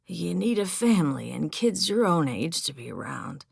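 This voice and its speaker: A woman voicing a croaking, gruff old hermit. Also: on the low side, big pitch swings, moderate pace, no echo, studio quality, full character voice. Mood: gentle. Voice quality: croaking, gravelly. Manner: gruff and stern, softening to gentle hush. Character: gruff, frail old male hermit farmer. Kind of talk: audiobook character voice.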